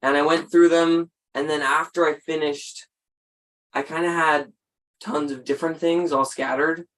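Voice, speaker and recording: A teenage young man from Canada, speaking on a video call in a hesitant, halting way with many fillers. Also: on the high side, steady tone, a bit bright. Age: teens. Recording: distant mic on a video call.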